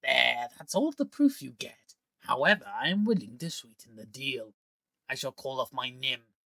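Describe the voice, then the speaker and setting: Man doing a cold menacing villain, sneering, taunting, gravelly edge. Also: mid-range voice, very animated, normal speed, bright, forceful tone, dry recording, heavily acted. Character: cold menacing male villain speaking through a severed head.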